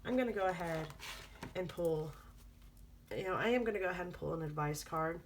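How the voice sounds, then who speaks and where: A woman's voice: on the low side, brisk, slight background noise, rough recording. A woman doing a spoken tarot reading, coaching viewers in an earnest, repetitive way. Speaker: tarot reader.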